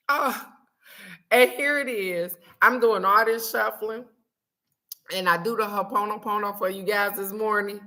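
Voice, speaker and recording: A woman hosting a casual livestream, talking loud and fast with slang, swearing and lots of laughter. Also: mid-range voice, steady tone. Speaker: spiritual card reading host. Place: on a trip abroad.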